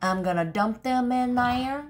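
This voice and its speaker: A woman's voice: a little high, a little slow. A middle-aged woman, chatting folksily through a home cooking tutorial in her kitchen, always saying "y'all" and "okay".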